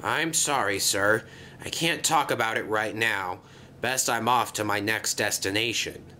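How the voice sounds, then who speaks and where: A man's voice: on the low side, measured pace, sharp tone, slight background noise. A man voicing a sheepish, secretive male bus in a storybook tale, talking hesitantly and apologetically.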